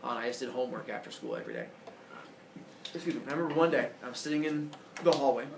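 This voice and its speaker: A man from Indiana telling a personal story at camp in an earnest, confessional way with halting fillers. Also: medium pitch, wildly swooping pitch, creaky, noisy background. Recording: echoey room, voice from far off, faint ambience.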